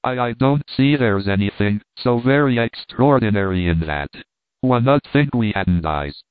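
A man's voice: mid-range voice, animated, normal speed, smooth, no room sound, close to an everyday voice. A man putting on a wheezy fat old gent. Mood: indignant. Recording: tinny phone-like dry sound.

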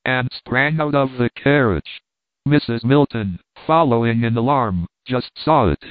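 A man reading a novel aloud in an even, measured narration. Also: medium pitch, dry recording. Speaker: audiobook narrator. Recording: tinny phone-like dry sound.

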